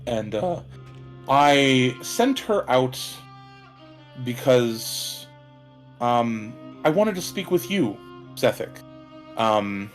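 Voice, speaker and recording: A man voicing a gentle, doting woman who hosts guests at her table, hesitant and full of restarts. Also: mid-range voice, big pitch swings, soft background music. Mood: welcoming. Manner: hesitant, restarts often, drawn-out words. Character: gentle motherly woman host, doting creator.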